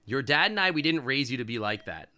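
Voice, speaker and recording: A worried, disapproving middle-aged mother scolds her grown child over the phone in a story game, as a male streamer reads her lines in his own bright voice. Her tone stays reproachful and lecturing. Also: medium pitch, expressive, quick pace.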